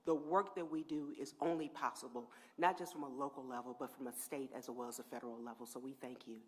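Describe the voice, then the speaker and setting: A middle-aged woman who heads a housing agency gives a heartfelt public speech at a press event. She swings from near-whispers to loud, emphatic peaks as she thanks people, speaking into a podium microphone. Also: very deep voice, fairly even intonation, fast talker.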